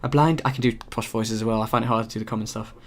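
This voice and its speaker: A man's voice: fairly low pitch, steady tone, racing. A man casually commentating a video game as he plays it, rambling and self-mocking. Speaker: let's play host.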